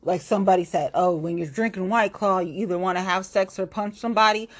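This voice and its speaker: A woman's voice: medium pitch, fairly even intonation, quick pace. A woman from Ohio, a local political activist, delivering a blunt, profane, confrontational rant to the camera. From Ohio, USA.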